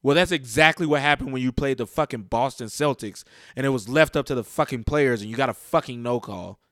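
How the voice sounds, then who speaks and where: A man's voice: mid-range voice, a little fast, fairly bright tone, no echo, studio quality. Profane exasperated man ranting. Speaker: sports fan commentator. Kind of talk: heated casual rant.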